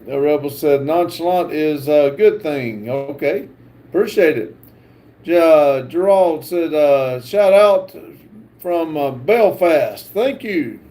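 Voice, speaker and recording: Man, livestream host, high voice, slow unhurried delivery, reads chat with lots of pauses. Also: dark tone. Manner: halting, many filler pauses while reading comments. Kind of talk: reading viewer chat aloud on a livestream.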